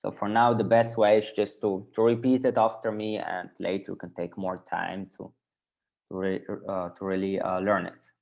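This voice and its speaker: A man with a Dutch accent teaching a Dutch class online, patiently repeating words slowly for learners, with a native Dutch speaker's English. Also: low voice, flat delivery, vocal fry, darkish tone, dull audio.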